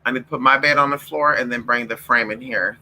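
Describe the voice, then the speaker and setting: Speaking fast with a steady, bright, forceful medium-pitched voice, a man runs a loose, profane late-night vlog. He calls viewers honey and y'all and, in between, coos at and scolds his puppies in playful pet talk. The recording is rough.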